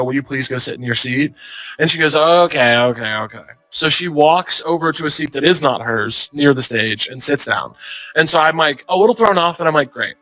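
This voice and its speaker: A young man, a stand-up comedian, chatting as a podcast guest and telling animated stories with acted-out quotes. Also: mid-range voice, no room sound. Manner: animated storyteller, acts out quotes. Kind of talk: casual chat.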